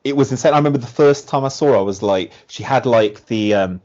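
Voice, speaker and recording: A man chats as a podcast guest, mid-pitched and animated. He keeps acting out quotes with a run of "like"s. The sound is muffled and a little lo-fi. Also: quick pace. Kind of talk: casual podcast chat.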